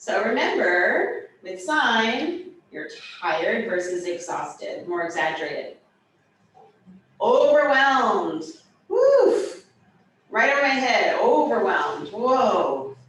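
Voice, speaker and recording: Slow, playful woman teaching in an echoey room. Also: mid-range voice. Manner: slow, animated, playful explanations. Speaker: sign language teacher. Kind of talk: teaching a hybrid class, demonstrating signs. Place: classroom, in person and over video call. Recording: roomy echo, far from the mic, faint room noise.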